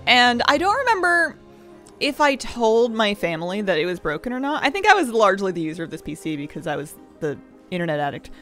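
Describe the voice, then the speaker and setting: A woman's voice: mid-range voice, big pitch swings, a little fast, a bit bright, faint music behind. A young woman streamer chatting casually with viewers, telling rambling stories with laughs.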